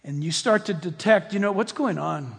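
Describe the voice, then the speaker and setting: A man preaching a sermon to his church, animated, swinging between loud exclamations and hushed, nearly whispered passages. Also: high-pitched, moderate pace, creaky, slightly rough. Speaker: pastor. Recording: long hall reverb.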